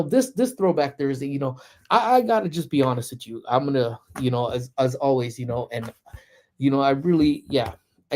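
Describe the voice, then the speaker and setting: A man's voice: mid-range voice, mellow. A man hosting a casual livestream chat, rambling with lots of "you know" fillers and restarts, greeting viewers by name. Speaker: livestream host.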